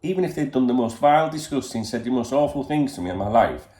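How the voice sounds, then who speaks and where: A man's voice: medium pitch, animated, fast, dark tone, roomy sound. A man chatting casually to his channel, rambling and swearing freely, full of "you know". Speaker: channel host. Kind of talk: casual chat to camera. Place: home in Spain.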